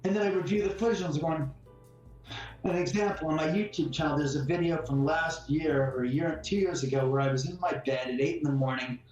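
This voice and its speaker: A man telling ghost stories in a casual interview, rambling and animated, often repeating words and swearing mildly. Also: fairly high pitch, fairly quick, dull audio. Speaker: homeowner guest. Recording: echoey room from far off, faint music.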